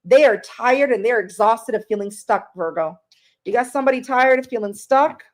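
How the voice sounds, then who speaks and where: Chatty tarot-reading woman, fairly high voice. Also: moderate pace. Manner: chatty, greets viewers by name, swears casually. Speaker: tarot reader. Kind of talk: live-stream tarot reading.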